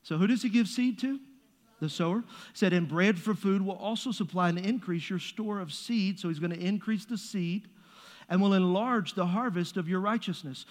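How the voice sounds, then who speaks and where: A man's voice: high voice, moderate pace. A man preaching a sermon as pastor, conversational and joking, with playful asides to the congregation. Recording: long reverb of a large hall.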